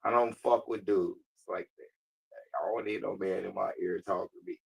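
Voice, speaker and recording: A man with a fairly low, husky voice chats casually on a live stream. He is blunt, slangy and profane, and he laughs a lot. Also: flat delivery, a little mellow, poor audio. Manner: says he talks fast. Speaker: livestreamer talking to a voice assistant.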